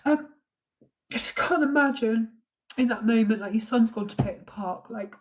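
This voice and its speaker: An English woman with a voice on the high side hosts a live true crime stream. She tells the story emotionally, close to tears, and stops now and then to thank her viewers.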